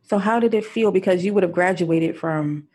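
Woman host, really husky, dark mellow voice, lots of mm-hmms. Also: fairly low pitch, moderate pace. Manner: supportive, with frequent affirming murmurs. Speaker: podcast host. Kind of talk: casual interview.

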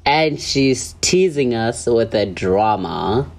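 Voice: medium pitch, expressive, takes it slowly, vocal fry, a little mellow. A podcast co-host from South Africa, chatting casually about a reality show in an easygoing way and steering the talk along.

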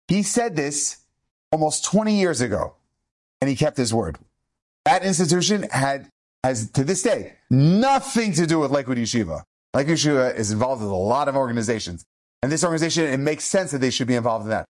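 A man's voice: medium pitch, quick pace. A middle-aged man, a rabbi, giving an earnest inspirational eulogy, telling stories with Hebrew and Yiddish terms mixed in. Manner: acts out quoted speech in lively shifting voices.

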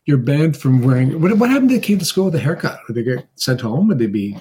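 A man's voice: medium pitch, sing-song, fast, mellow, husky. A man co-hosting a casual music podcast, chatty, laughing and repeating himself. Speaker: podcast co-host. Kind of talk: casual chat.

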